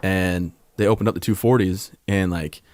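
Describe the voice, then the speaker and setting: A man in his thirties telling stories as a podcast guest, animated, putting on voices for the people in them and laughing often. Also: sits low, moderate pace, no echo. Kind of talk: casual storytelling.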